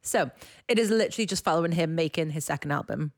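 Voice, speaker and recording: A woman's voice: low voice, lively intonation, fast talker, dry recording, studio quality. A woman co-hosting a casual podcast chat, telling a story in a chatty way full of likes and ums. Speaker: podcast co-host.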